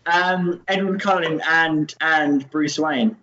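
A man's voice: a little high, takes it slowly, bright, forceful tone. A man co-hosting a podcast, chatting casually and swearing, joking and laughing often. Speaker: podcast co-host. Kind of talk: casual chat. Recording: echoey room, dull lo-fi audio.

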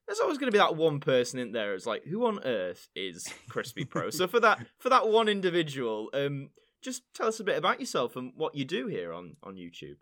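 A man's voice: mid-range voice, a bit bright. A man hosting a podcast, chatty and laughing often as he talks with a guest. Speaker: podcast host. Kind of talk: casual chat.

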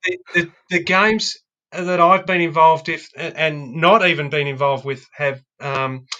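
A man's voice: on the high side, fairly even intonation, measured pace, pushed and bright, highs cut off. A man, a guest on a podcast, speaking hesitantly with many restarts. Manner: hesitant, restarting, often laughing. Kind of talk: casual chat.

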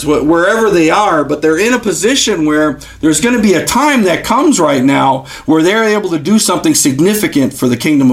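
A man's voice: fairly high pitch, vocal fry. A man hosting a podcast who speaks in an earnest, exhorting, preaching style, with frequent fillers. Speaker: podcast host.

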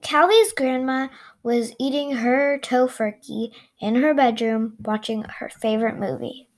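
A woman's voice: on the high side, a little slow. A woman telling an improvised story, rambling with restarts and asides to her listeners.

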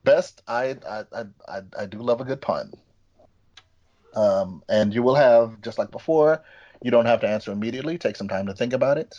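A man's voice: mid-range voice, normal speed, mellow, lo-fi sound. A man hosting a casual comedy podcast game, playfully quizzing the panel and explaining the rules.

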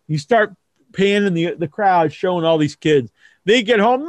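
A man hosting a casual wrestling talk show, rambling and profane, acting out kids in squeaky voices. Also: a little slow, a bit bright, no room sound. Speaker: host.

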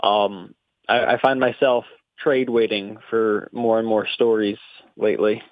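A man's voice: lowish voice, measured pace, no echo. Amused man on a tinny phone line. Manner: relaxed, amused, laughs easily. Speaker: editor-in-chief, phone guest. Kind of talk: casual comic book chat.

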